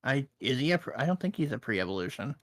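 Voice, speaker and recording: A man co-hosting a casual podcast chat, rambling and joking, now and then slipping into high silly voices. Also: very animated, fast talker, fairly bright tone. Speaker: podcast co-host.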